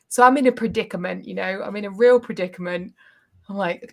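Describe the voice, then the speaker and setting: A woman's voice: mid-range voice, normal speed, creaky. British woman telling her story. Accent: British English. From England. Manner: animated storyteller, acts out quotes. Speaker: interview guest. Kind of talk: casual storytelling in an interview.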